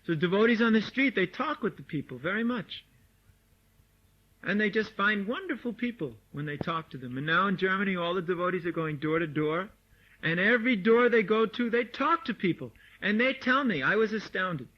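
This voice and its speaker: A man giving a lively, informal lecture to devotees, mimicking people and laughing as he talks, recorded on an old tape. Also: sits high, moderate pace. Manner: animated, mimics voices, laughs often. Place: meditation hall or farmhouse room. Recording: dull lo-fi 1979 tape recording.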